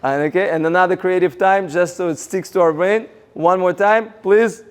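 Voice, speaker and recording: A man giving a motivational seminar talk, energetic and rallying the audience with questions. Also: high voice, moderate pace. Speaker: seminar speaker.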